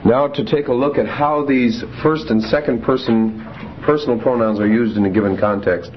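A man teaching a Greek grammar class, reading Greek examples slowly and then explaining them with fillers. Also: mid-range voice. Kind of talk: classroom lecture. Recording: dull lo-fi classroom tape, faint hiss.

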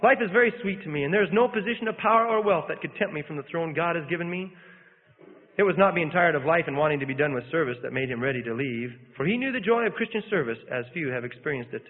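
A man's voice: on the high side, animated, quick pace. A man preaching a sermon, reading an account aloud with fervent, rising and falling emphasis. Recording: phone-like sound in a reverberant hall.

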